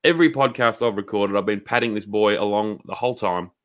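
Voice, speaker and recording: A man's voice: on the low side, brisk, a bit bright. A man with an Australian accent co-hosting a podcast in casual, rambling banter and swearing freely. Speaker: podcast co-host.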